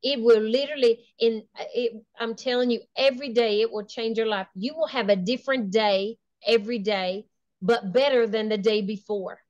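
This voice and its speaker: A woman's voice: on the high side, fairly even intonation, normal speed, a little mellow, no echo. A woman guest in a casual interview, talking enthusiastically, laughing often and restarting her sentences. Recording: dull lo-fi dry sound.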